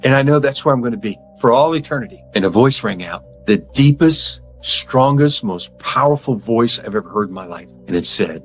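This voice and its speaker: A man of average pitch tells his own story as an interview guest, earnest and intense. He often restarts and repeats his words as he pushes through. Soft music plays faintly behind him. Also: expressive, moderate pace, few pauses, rough recording. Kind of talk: earnest personal testimony.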